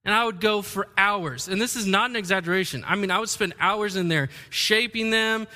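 A man preaching a sermon as the pastor, telling stories with animated delivery and acting out the quotes. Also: high-pitched, brisk, in a large hall. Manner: animated storytelling, acts out quotes.

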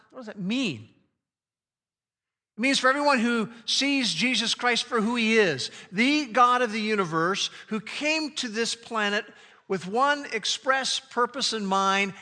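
A man preaching a sermon, slowing down and stressing key phrases with emphatic delivery. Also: sits high, bright, forceful tone, big-room sound. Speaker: pastor.

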